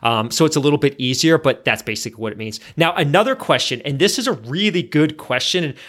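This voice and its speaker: A man's voice: fairly high pitch, animated, fast talker, a bit bright. A man hosting a casual podcast who reads out listener questions. His manner is chatty and a little self-deprecating. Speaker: podcast host.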